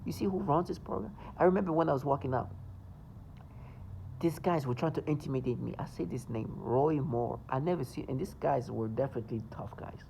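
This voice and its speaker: A man's voice: mid-range voice, fairly quick, vocal fry, mellow, slight background noise, poor audio. A man delivering an agitated, insistent monologue to his viewers, rambling and emphatic. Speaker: vlogger.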